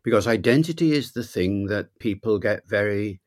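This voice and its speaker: An older man from Wales, a linguist guest in an interview, telling anecdotes in a reflective, measured way. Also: on the low side, expressive, no echo, studio quality. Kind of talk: relaxed interview storytelling.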